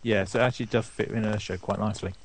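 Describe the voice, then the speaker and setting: Low, hesitant man co-hosting radio. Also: fairly even intonation, rapid-fire, slight background noise. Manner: hesitant, filler-heavy, dry remarks. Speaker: radio co-host. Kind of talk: casual on-air banter. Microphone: call link from another location.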